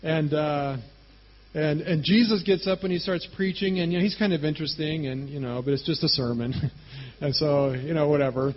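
A man preaching a sermon, telling the story in a casual, animated way and often checking in with "right?". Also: a little high, moderate pace, muffled recording. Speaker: pastor.

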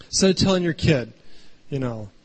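A man's voice: a little high, lively intonation, brisk. A man preaching a conversational sermon, often checking in with the congregation by asking "right?". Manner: chatty, keeps adding "right?". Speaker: pastor.

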